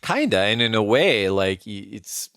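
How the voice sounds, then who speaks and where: A man's voice: fairly low pitch, very animated, unhurried, a bit bright, clean tone, dry recording, clean studio sound. A man co-hosting a podcast, telling stories in a loose, rambling way full of fillers and "like". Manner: rambling, filler-heavy, frequent "like". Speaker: podcast co-host. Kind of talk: casual storytelling chat.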